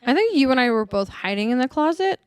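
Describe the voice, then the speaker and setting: Smooth-voiced calm woman co-host. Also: high voice, fast, no room sound. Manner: calm, brief interjections. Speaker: podcast co-host. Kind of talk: casual chat.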